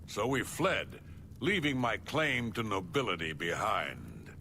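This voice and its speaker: An actor playing an earnest male fighter who tells his story in a measured way. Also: on the low side, sing-song, gravelly, pushed and bright, a little hiss or hum, heavily acted.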